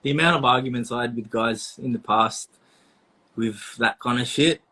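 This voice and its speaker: Young aussie tattoo guy, husky but bright voice, chill, says like constantly. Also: medium pitch, normal speed. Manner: laid-back, says like and man a lot, swears. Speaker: tattoo artist guest. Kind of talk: casual chat.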